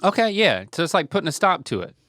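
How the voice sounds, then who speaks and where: A middle-aged man, hosting a casual podcast with lively, laughing, mock-exasperated reactions. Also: a little high, fast talker, no room sound, clean studio sound. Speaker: podcast host.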